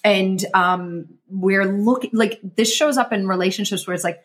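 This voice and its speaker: A woman talking as a guest in a casual interview, energetic and motivational as she explains her coaching. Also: mid-range voice. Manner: energetic, motivational, quick bursts. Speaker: guest, emotional intelligence coach.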